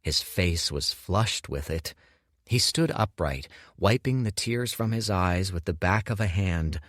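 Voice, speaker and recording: A man reading an audiobook in measured scripted narration. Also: low-pitched, expressive, fairly bright tone, no room sound, clean studio sound.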